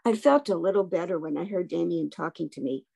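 A woman reading a children's story aloud for a book club, gently voicing the characters' lines. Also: fairly low pitch, a little fast, gravelly, slightly rough. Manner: gently voices the characters' dialogue.

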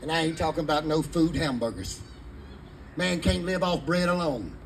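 A man's voice: a little high, lively intonation, normal speed, slight background noise, poor audio. A man, preaching fervently in a sermon to a live congregation. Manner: fervent preaching in Southern vernacular. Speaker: pastor.

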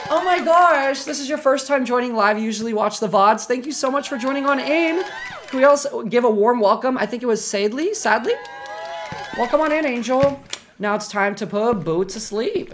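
Animated young woman streaming a game. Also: on the high side, slight background noise. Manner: chatty, reacts loudly, shrieks when scared. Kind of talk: live game stream commentary.

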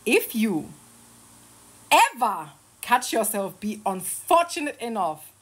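Thirtysomething woman ranting from bed into her phone, sarcastic and sweary, voice swings all over, pitched a bit high. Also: big pitch swings, takes it slowly, husky. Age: 30s. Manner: sarcastic, heated, swearing, laughing between jabs. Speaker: online creator. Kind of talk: casual rant to camera. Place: lying in her bed at home.

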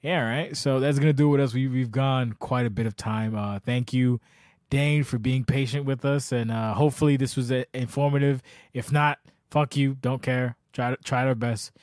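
A man's voice: mid-range voice, fairly even intonation, normal speed, a little mellow, no room sound, studio quality. A man hosting a casual podcast, telling long profane stories with lots of restarts. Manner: profane, rambling storyteller. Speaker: podcast host.

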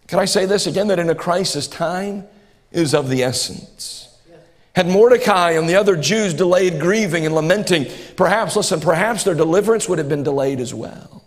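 Man in his 40s, high-pitched pastor preaching in a reverberant church hall, earnest and repetitive. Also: moderate pace. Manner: earnest, repeats phrases, rises to impassioned bursts. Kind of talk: sermon. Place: church sanctuary.

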